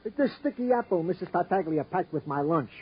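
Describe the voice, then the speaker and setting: An actor playing a folksy, good-humored police sergeant with a wordy way of talking, in 1950s radio drama acting. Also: male voice, high voice, animated, fairly quick, a little hiss or hum. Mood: cheerful. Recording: dull old radio recording.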